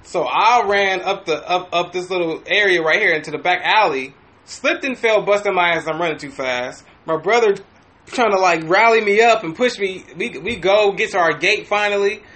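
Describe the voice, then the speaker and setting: Podcast host, male, high bright voice, animated profane storyteller, restarts often. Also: moderate pace. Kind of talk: casual storytelling.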